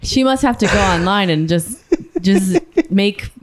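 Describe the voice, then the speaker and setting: A woman's voice: mid-range voice, lively intonation, a little slow. A woman in her thirties, a guest on a comedy podcast, trading dry, sarcastic, mock-boastful banter.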